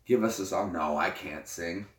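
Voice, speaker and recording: A low-voiced man chats casually with his viewers, rambling and joking. His voice rings out in a roomy, echoey space. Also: fairly bright tone, recorded from a distance, a little hiss or hum. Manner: joking, rambling, quick to laugh. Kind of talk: casual chat. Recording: echoey room.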